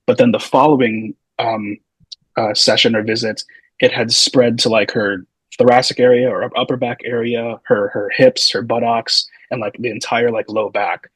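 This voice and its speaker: A man's voice: medium pitch, level tone, normal speed, a bit bright, breathy edge, no echo, rough recording. A man in his thirties, a physical therapy student and podcast guest, telling stories in a loose, meandering, casual way. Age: 30s. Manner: loose, meandering, full of hedging asides. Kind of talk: casual storytelling.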